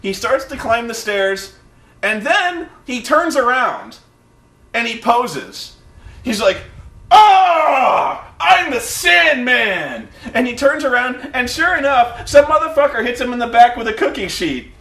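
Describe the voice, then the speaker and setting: Casual podcast co-host, male, high and bright, animated storyteller who acts out scenes, roomy echo. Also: unhurried. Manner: animated storytelling, acting out wrestlers with shouted impressions. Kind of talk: casual profane chat.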